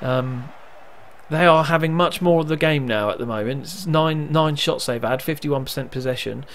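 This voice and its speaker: A man's voice: a little high, normal speed, slight background noise. A young man casually commentating on his own football management game, narrating play and cheering on his team. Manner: chatty, narrates match events, erupts with excitement at goals.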